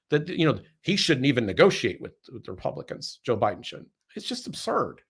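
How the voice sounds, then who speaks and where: A man's voice: fairly high pitch, slightly rough. A man hosting a political podcast, sarcastic and emphatic, often repeating words as he builds a point. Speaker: podcast host. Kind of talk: political commentary chat.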